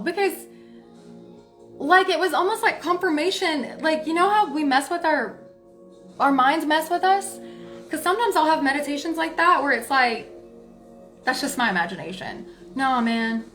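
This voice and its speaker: Woman spiritual reader, higher voice, loose chatty storyteller. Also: normal speed, soft background music. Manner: chatty, many filler words, soft laughs. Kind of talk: casual storytelling to viewers.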